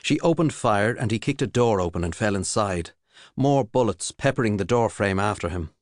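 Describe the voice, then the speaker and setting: A man with a fairly low voice narrates an audiobook in a steady, measured storytelling style. The scripted narration is recorded with studio quality and no echo.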